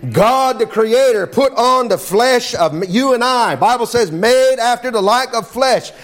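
Middle-aged male pastor, high-pitched, preaching with fervor and a steady stream of amens. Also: a little slow. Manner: fervent preaching, fills phrases with "Lord God" and "amen". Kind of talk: sermon.

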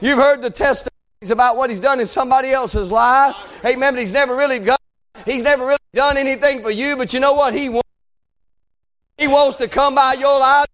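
High-voiced fervent preacher man. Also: fairly even intonation. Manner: fervent, shouting, drawn-out phrases. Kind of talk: revival sermon.

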